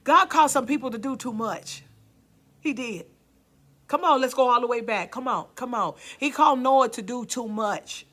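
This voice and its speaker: Her voice a little high and fairly bright, a woman pastor speaks at normal speed through a fervent sermon. She calls out to the congregation and occasionally lowers to a near-whisper for emphasis.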